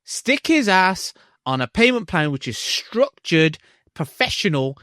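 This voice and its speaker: A man co-hosting a podcast, with a voice that is a little higher than most men's and swings up and down a lot as he tells the story. He talks in a casual, animated way and slips into other voices as he acts out scenes. The sound is dry and close to the mic. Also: measured pace, no room sound. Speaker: podcast co-host.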